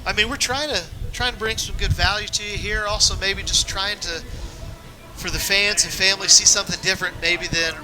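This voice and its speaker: A man with a high-sitting, steady voice calls a youth baseball game from the press box, heard over poor audio. As play-by-play announcer on the press box mic, he's chatty and jokey, quick with restarts.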